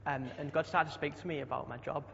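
A man's voice: fairly high pitch, fairly even intonation, quick pace, creaky, a bit bright, a little hiss or hum. A young man preaching a chatty sermon, often asking the congregation questions. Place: church hall. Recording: dull sound with long hall echo.

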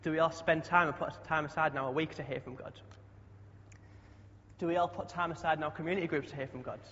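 A man's voice: fairly high pitch, steady tone, fast, a bit bright. A young man preaching a chatty sermon, often asking the congregation questions. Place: church hall. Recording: dull sound with long hall echo.

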